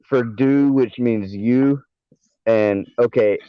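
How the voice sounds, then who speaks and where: A man's voice: mid-range voice, slow, no room sound. Male panel guest, loose and profane, restarts a lot, mid-range voice, muffled dry recording. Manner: rambling, profane, full of fillers and restarts. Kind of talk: casual livestream chat. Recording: dull, dry online audio.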